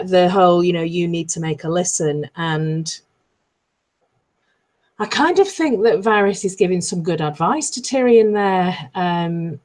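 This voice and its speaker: A woman's voice: fairly low pitch, darkish tone. A woman chatting on a live video call, laughing often and acting out quotes as she talks. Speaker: guest panelist.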